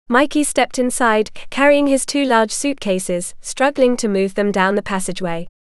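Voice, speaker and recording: A woman reading a story aloud in a steady, matter-of-fact scripted narration. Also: mid-range voice, normal speed, hardly any pauses, smooth, no echo, clean studio sound.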